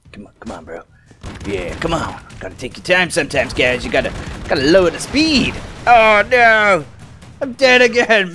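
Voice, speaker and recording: Excitable gamer, lively pitch. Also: male voice. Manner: excitable, self-mocking, talks to viewers. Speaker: gaming video host. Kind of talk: casual game commentary.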